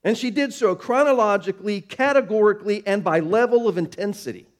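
A pastor preaches a sermon, slowing down for emphasis. He swings between soft, low lines and louder, higher ones.

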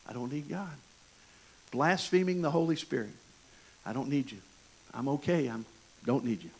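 Southern preacher guy, east tennessee drawl, kinda high voice, folksy storytelling w jokes. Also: rough recording. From Michigan. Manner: folksy, animated storytelling with jokes and asides to the audience. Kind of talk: sermon with personal stories.

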